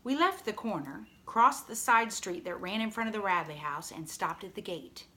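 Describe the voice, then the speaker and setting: Expressive woman reading a story aloud. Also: mid-range voice, normal speed. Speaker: audiobook reader. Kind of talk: read-aloud narration.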